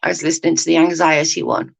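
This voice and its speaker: A woman's voice: low voice, little pitch movement, fast talker, vocal fry, rough recording. A woman hosting a casual live chat with viewers, blunt and sweary, ranting with lots of "like" fillers. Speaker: livestream host chatting with viewers.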